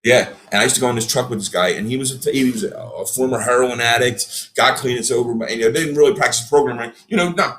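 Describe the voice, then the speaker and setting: A man's voice: medium pitch, fast, few pauses, a little hiss or hum. A man, a podcast guest telling stories in casual chat and acting out the people he quotes. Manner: animated storyteller, acts out quotes.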